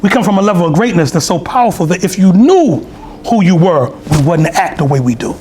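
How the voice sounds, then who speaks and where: A man preaches in a loose, storytelling way, full of asides and fillers. His voice sits fairly high for a man. A faint hiss runs beneath the temple recording. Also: sing-song, brisk, a little mellow. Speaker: speaker at a temple meeting. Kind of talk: conversational sermon. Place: temple hall.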